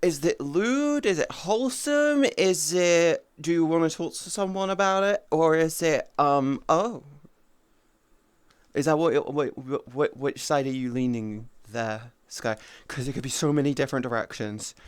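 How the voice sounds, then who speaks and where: A woman's voice: expressive, unhurried, clean tone, dry recording. Teasing woman streamer in her thirties. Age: 30s. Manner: playful, teasing, swings between high squeals and low mutters. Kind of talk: casual chat with viewers.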